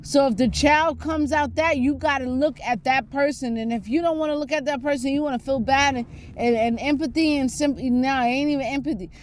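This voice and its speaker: A woman from New York speaks a little fast in a high voice, with a little hiss or hum present. In a casual monologue she rambles emphatically and keeps asking rhetorical questions.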